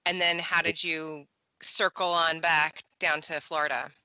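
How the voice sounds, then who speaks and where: A woman's voice: sits low, level tone, unhurried, bright, forceful tone, dry recording, rough recording. A woman hosting a podcast, asking casual, curious questions in conversation. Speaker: podcast host.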